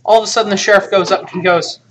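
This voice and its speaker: A game master narrating a tabletop game in an animated, storytelling manner. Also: mid-range voice, racing. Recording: noisy recording of a game table.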